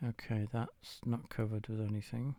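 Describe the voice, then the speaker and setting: A man's voice: fairly low pitch, steady tone, moderate pace, mellow, dry recording. A tired man, casually commenting while he plays a game of chess, muttering and swearing now and then. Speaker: gamer playing chess against the computer.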